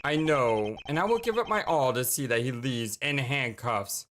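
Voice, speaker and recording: A game streamer reading a composed male prosecutor in a lower, slow, cutting voice. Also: expressive, fairly bright tone, slight background noise, natural voice. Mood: cold. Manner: low, deliberate and cutting.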